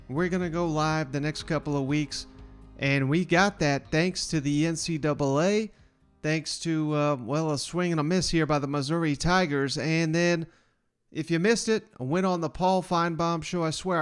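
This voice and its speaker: A man's voice: a little high, clear, resonant tone. A man hosting his own sports podcast, talking in a chatty, loose, off-the-cuff way. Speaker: podcast host. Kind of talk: casual podcast intro.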